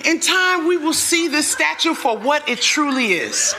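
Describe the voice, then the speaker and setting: A woman delivering a loud, laughing comic rant with swearing, played as a clip. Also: lively intonation, a little slow, hardly any pauses. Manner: loud, laughing, swearing, big swoops in pitch. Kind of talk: stand-up style comic rant. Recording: clip with loud crowd and noise. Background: loud crowd laughter.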